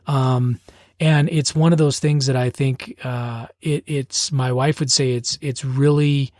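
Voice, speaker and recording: A man's voice: mid-range voice, steady tone, unhurried, a little mellow, no room sound, studio quality. Sincere man reflecting on a podcast. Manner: reflective, sincere, with hesitant fillers. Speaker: podcast co-host. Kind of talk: conversational podcast talk.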